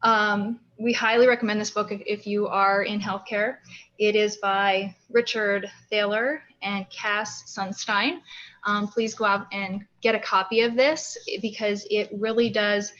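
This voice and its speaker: A woman speaking quickly and enthusiastically as host of an online panel discussion. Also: medium pitch, little pitch movement, a bit bright, muffled recording.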